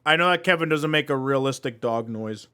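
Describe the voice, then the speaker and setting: A man streaming a game, giggly and playful in casual commentary, high from an edible. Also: a little fast, pushed and bright, smooth, no room sound, studio quality. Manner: giggly, playful, swears loosely.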